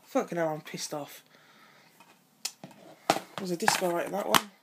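A woman's voice: on the low side, moderate pace. A woman, chatting casually through an unboxing video and swearing freely when things go wrong. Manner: swears freely, frustrated complaints. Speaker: vlogger. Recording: loud background noise.

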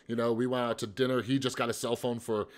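A man's voice: medium pitch, little pitch movement, fast talker. A young adult man hosting a conversational interview, talking casually and agreeing readily. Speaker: podcast host.

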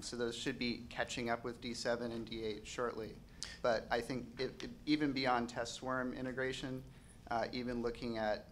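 A man's voice: mid-range voice, a bit bright, a little hiss or hum. A man on a conference panel answering audience questions with technical explanations.

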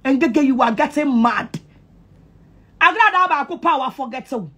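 A woman with a Ghanaian accent delivers a taunting monologue to camera, mocking and repetitive with a sing-song delivery and loud outbursts. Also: sits high, animated, normal speed.

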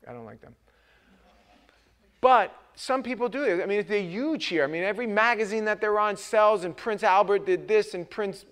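A man's voice: sits high, expressive, normal speed, fairly bright tone, smooth. A man preaching an informal, joking sermon as pastor in a church, often restarting his sentences. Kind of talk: conversational sermon. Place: church sanctuary.

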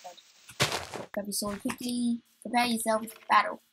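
A woman's voice: a little high, steady tone, moderate pace, gravelly, noisy background. A woman hosting a let's play, chatting to herself as she plays and getting easily startled. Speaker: gaming channel host.

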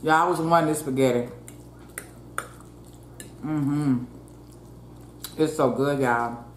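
A woman's voice: low voice, slow pace, slight background noise. A woman hosting a mukbang, chatting in a folksy way with her viewers and murmuring "mm" between bites. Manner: murmurs while chewing. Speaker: mukbang host. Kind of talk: casual eating chat. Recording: roomy echo, faint ambience.

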